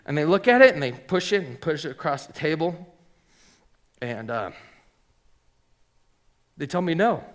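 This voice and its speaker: A middle-aged man who owns a hat shop, telling his personal story as an animated storyteller, acting out the voices of people he quotes and often saying um and like. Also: fairly high pitch, measured pace, long pauses. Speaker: hat maker and shop owner.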